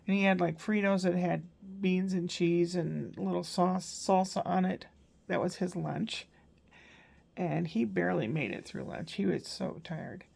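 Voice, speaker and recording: A woman's voice: fairly low pitch, moderate pace, creaky, darkish tone, slightly rough. An older woman, a grandmother, chatting casually through her day in a meandering, storytelling vlog. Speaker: grandmother vlogger. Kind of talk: casual rambling daily recap.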